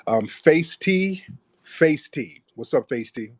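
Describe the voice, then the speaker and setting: A man's voice: a little high, lively intonation, takes it slowly, dry recording, clean studio sound. A man hosting a live call-in audio show, blunt and joking. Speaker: host.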